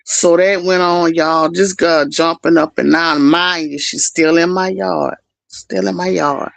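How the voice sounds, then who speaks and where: A middle-aged woman on a livestream, telling a story in an animated, casual way straight to her viewers. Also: on the low side, measured pace, gravelly, no room sound. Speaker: livestream host.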